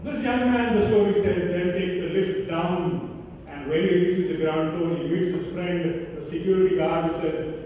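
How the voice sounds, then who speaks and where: A man's voice: sits high, a little hiss or hum. Man telling a story in an echoey hall. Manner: measured, expressive storyteller who voices the characters. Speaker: speaker at a college Christmas celebration. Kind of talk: storytelling address. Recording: echoey hall from far, dull sound.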